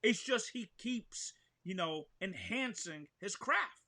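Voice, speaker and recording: Excitable New actor, bright voice. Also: male voice, high-pitched, takes it slowly. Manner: excitable, talks with hands-on examples, many "you know what I mean". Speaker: actor and show host, guest. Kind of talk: animated conversational interview.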